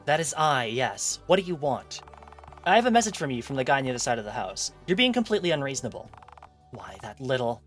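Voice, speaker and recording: A haughty, irritable wife, as a streamer puts her on in an indie game. She snipes with scorn, her voice swinging lively up and down. The pitch stays in a middling range. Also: fast, faint music behind. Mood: irritated. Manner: scornful, sniping. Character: haughty, irritable married woman.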